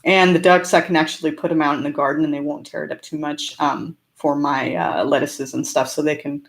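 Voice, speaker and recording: A homesteading channel host from California, her low voice carrying a slight rural twang, answers chat during a casual live-stream Q&A. She speaks a little fast with little pitch movement, staying chatty and upbeat and laughing often between remarks.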